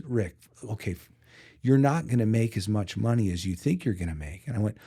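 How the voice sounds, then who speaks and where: A man's voice: lowish voice, expressive, fairly quick, creaky, warm tone, husky. A man being interviewed on a podcast, telling a long personal story in a casual way, acting out the dialogue with lots of fillers. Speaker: podcast guest, physical therapy company CEO.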